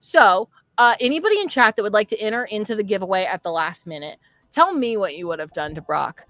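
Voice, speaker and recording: A woman running a tabletop game as game master, narrating with animated swings in energy and frequent laughter. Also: mid-range voice, brisk, no room sound.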